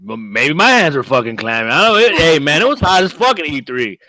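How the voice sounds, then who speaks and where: A man co-hosting a casual gaming podcast, telling stories in a lively way and swearing heavily. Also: fairly high pitch, fast talker, dry recording, rough recording. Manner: lively storyteller, heavy swearing. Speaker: podcast co-host.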